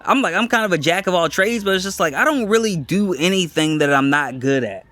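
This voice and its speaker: A comedian co-hosting a podcast in casual chat, talking candidly and boastfully in quick restarts and swearing freely. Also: male voice, high-pitched, animated, sharp tone, no room sound.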